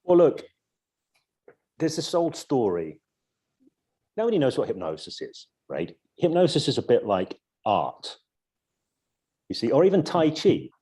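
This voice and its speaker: A man, a hypnosis coach, talking in a relaxed, reflective way in a podcast interview and explaining his methods with examples. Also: mid-range voice, unhurried, long pauses, breathy edge. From Edinburgh, Scotland. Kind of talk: casual interview conversation.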